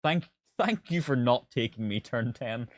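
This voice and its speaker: A man's voice: mid-range voice, expressive, measured pace, dry recording. A man who reviews games, chatting casually on a live stream and reacting to viewer comments with sarcasm, swearing and disbelief. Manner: exasperated, sarcastic, laughing, swearing.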